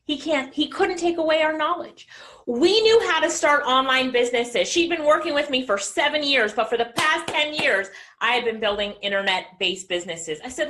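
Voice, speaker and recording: A middle-aged woman business coach giving an energetic motivational talk to an online audience, often asking listeners questions. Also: high voice, normal speed.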